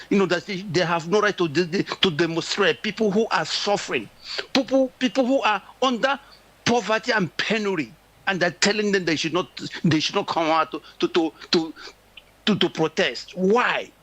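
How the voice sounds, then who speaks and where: A man's voice: high voice, a bit bright, low-quality recording. A man from Nigeria calling in to a talk show, speaking emphatically with many repetitions and restarts. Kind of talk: impassioned political commentary.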